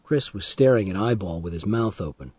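A man narrating an audiobook of a graded reader in a slow, deliberate and expressive style. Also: fairly low pitch, slightly rough, no room sound.

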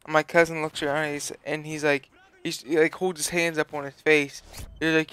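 Flat-voiced teenage guy rambling over gameplay. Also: fairly high pitch, fairly quick, slight background noise. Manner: rambling, profane, full of "like" fillers. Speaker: gaming channel host. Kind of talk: casual gameplay commentary.

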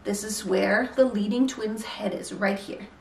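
A woman's voice: mid-range voice, steady tone, a little slow, gravelly, slight background noise. A woman in her thirties talking to camera in a casual, candid vlog, a little out of breath. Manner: chatty, candid, mildly breathless. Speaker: vlogger. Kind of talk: casual pregnancy update vlog. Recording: echoey room, voice from far off.

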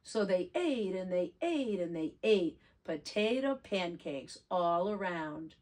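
A preschool teacher reading a picture book aloud to children, gentle and expressive. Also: female voice, lowish voice, takes it slowly.

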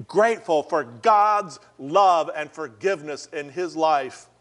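A man preaching a sermon as pastor, telling a story earnestly and slowing down for emphasis. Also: a little high.

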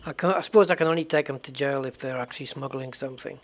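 A man hosting a let's play, quietly thinking aloud as he checks documents in a game. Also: medium pitch, rapid-fire, a little hiss or hum. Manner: quiet, muttering thoughts aloud. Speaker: gaming channel host.

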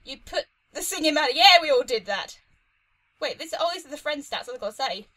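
A young woman commentating her own playthrough of a story game, chatty and excitable, talking to herself and the screen. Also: high-pitched, brisk, rough recording. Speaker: let's play host. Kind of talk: gaming commentary.

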